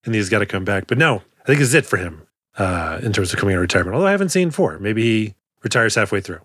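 A man's voice: lowish voice, big pitch swings, quick pace, fairly bright tone, no echo, studio quality. A young man co-hosting a podcast in casual chat, rambling, correcting himself and laughing often. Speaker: podcast co-host.

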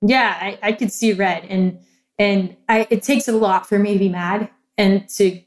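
A woman's voice: medium pitch, fairly even intonation, unhurried. A young adult woman, a guest in a casual interview, telling a personal story candidly and with animation, often laughing.

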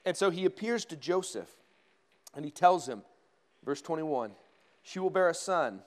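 A man's voice: a little high, animated, moderate pace. A male pastor from giving a conversational sermon in a church, with humorous asides to the congregation. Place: church sanctuary.

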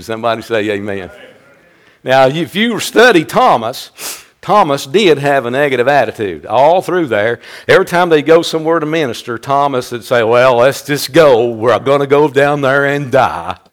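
A male pastor, preaching a sermon fervently and breaking into loud, high-pitched bursts.

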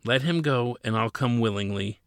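A man doing a calm, resolute female android. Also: medium pitch, dry recording, studio quality, close to an everyday voice. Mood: firm. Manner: firm, quiet and measured.

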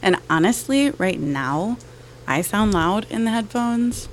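A woman co-hosting a casual podcast, talking softly and giggling, poking fun at herself. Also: mid-range voice, expressive, unhurried, a little hiss or hum. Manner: soft-spoken, giggly, self-deprecating. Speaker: podcast co-host. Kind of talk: casual chat.

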